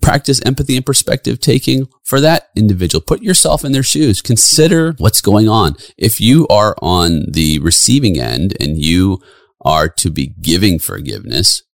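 A man's voice: fairly low pitch, animated, normal speed, vocal fry, no echo, studio quality. A middle-aged man hosting a solo podcast, speaking with earnest, preacherly emphasis. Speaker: podcast host.

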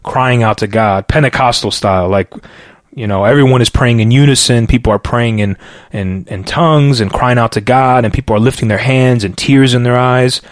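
A man in a podcast interview recounts his faith testimony in an animated, filler-laden storytelling style. He calls himself a loud talker, and his voice sits at an ordinary middle pitch. The recording is close and dry, with no room sound. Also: normal speed, no echo. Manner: self-described loud talker. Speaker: podcast guest.

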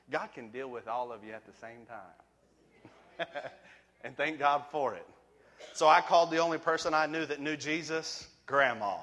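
A man preaching a personal testimony sermon, emphatic, swinging from quiet, low passages to loud shouted peaks. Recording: long reverb of a large hall.

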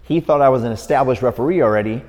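The voice is mid-range and fast, with a long reverb tail. It belongs to a middle-aged boxing referee from Wisconsin who, as a podcast guest, tells a long story in an interview and livelily plays the people he quotes.

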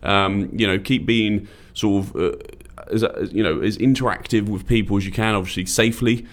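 A man's voice: lowish voice, normal speed. A British man in his thirties co-hosting a podcast, rambling and joking in casual chat. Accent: British English. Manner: rambling, jokey, puts on drunk-bloke voices. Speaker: podcast co-host.

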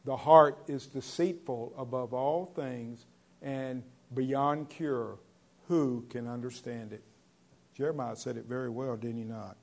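Gravelly-voiced man preaching a sermon. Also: mid-range voice, steady tone, measured pace. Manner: earnest, conversational preaching with sudden loud emphasis. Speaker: pastor.

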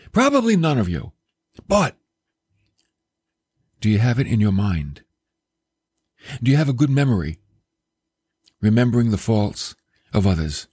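A man preaching a sermon, telling stories in a lively, self-deprecating way. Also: medium pitch, slightly rough, no echo. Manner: storytelling, animated, self-deprecating.

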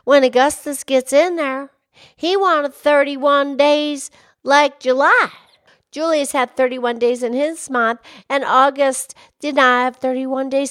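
Speaking in a high voice, a woman plays an excitable, happy young pig hosting a kids' podcast, full of eager, enthusiastic bursts.

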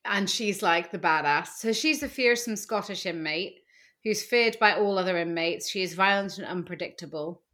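A woman's voice: mid-range voice, moderate pace, fairly bright tone. A woman co-hosting a podcast in casual chat, chatty and self-deprecating. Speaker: podcast co-host.

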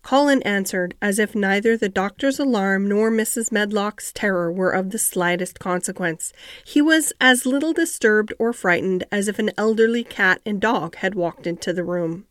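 Woman narrator, mid-pitched, steady storybook reading, dry sound. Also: normal speed, few pauses, no room sound. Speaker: audiobook reader.

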